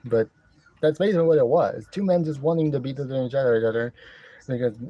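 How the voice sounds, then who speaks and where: A man casually reviewing a wrestling show from his love seat at home, rambling and repeating himself while he clears a congested throat. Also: medium pitch, fast talker, dull audio. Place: living room at home, seated on a love seat. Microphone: camera in front of him.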